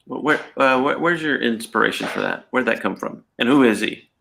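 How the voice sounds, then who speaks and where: A man hosting a casual podcast chat, directing the talk with dry, deadpan jokes. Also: medium pitch, fairly quick, gravelly, background noise. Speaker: host and director.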